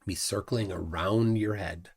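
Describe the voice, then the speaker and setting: A man's voice: low-pitched, steady tone, measured pace, husky. A man hosting a casual livestream, mocking and combative, often repeating words as he argues. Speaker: livestream host.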